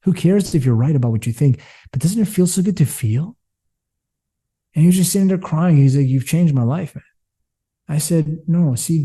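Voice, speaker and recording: With a medium-pitched, dark-toned voice, a business coach gives a candid interview. His storytelling is passionate and preachy, with quotes from himself and others.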